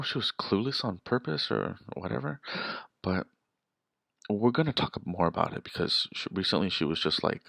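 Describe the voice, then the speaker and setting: Low gravelly man rambling on camera. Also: expressive, normal speed, fairly bright tone, dry recording. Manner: rambling, restarts, emphatic rhetorical questions. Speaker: vlogger. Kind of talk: casual storytelling monologue.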